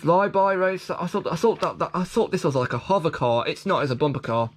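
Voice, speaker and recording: A man reviewing a toy catalogue speaks fast in a fairly high voice with a breathy edge. His vlog commentary wanders casually, with frequent restarts and little digs at himself.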